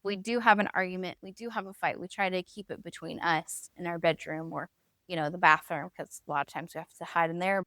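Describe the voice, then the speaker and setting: Woman, 30s, candid faith podcast host, animated storytelling, smooth and dry. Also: lowish voice, a little fast, no room sound. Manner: animated storyteller acting out quoted voices.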